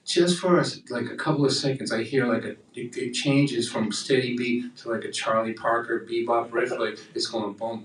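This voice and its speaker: An older man tells a comic story on a coffeehouse stage, his voice sitting a little high. He is animated, acting out voices and thumping heartbeat sounds. The sound is roomy and picked up from a distance. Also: normal speed, few pauses. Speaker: storyteller performer. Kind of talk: live storytelling comedy.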